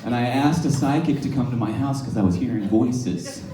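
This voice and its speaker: A male stand-up comedian with a mid-range voice and moderate pace tells profane, rambling stories at a bar. He's recorded from a distance in an echoey room, with a crowd laughing in the background.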